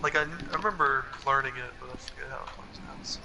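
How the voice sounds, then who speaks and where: A young man speaks casually while gaming, stumbling through restarts as he tells a story. His voice has an ordinary middle pitch for a man. Clear background noise hangs behind the recording. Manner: halting, restarts with "I, I" and "like". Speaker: friend gaming together.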